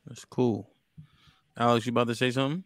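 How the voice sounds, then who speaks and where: A man's voice: mid-range voice, steady tone, a little fast, no room sound. Blunt, casual male podcast host. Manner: blunt, profane, conversational. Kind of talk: casual panel discussion.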